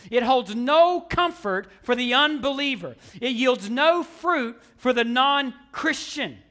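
A man preaching a sermon, emphatic and repetitive, swinging between quiet asides and loud declarations. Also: very high-pitched. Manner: emphatic preaching with repetition, surging louder and softer. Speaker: pastor.

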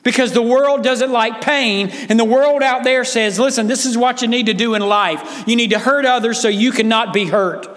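A man's voice: extremely high pitch, moderate pace, few pauses, a bit bright, long reverb tail. A man preaching a sermon as pastor, earnest and emphatic, appealing directly to his listeners.

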